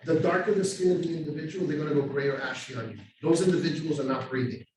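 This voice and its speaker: A man's voice: a little high, fast, noisy background. Man teaching in an echoey room. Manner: animated storytelling with acted street voices. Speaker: overdose prevention trainer. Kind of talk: live training talk. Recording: very echoey room, far from mic.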